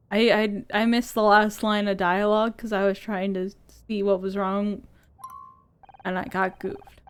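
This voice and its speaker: A woman's voice: medium pitch, flat delivery, unhurried, smooth. A woman streaming a detective game, playful, joking and reading the dialogue aloud. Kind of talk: casual game stream commentary.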